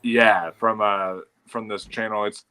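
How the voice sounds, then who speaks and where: A man's voice: lowish voice, level tone, measured pace, bright, forceful tone, clean tone, rough recording. A man on a casual panel chat, enthusing about a comedy show with many restarts. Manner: hesitant, lots of fillers and restarts. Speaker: podcast co-host.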